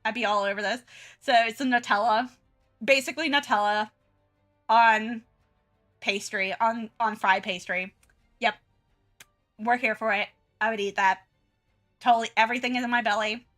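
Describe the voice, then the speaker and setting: Bright, chatty woman streamer. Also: fairly high pitch, steady tone, normal speed, pauses often, soft background music. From Southern United States. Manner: chatty and giggly, many restarts and fillers. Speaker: art streamer. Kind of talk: casual chat while drawing on stream.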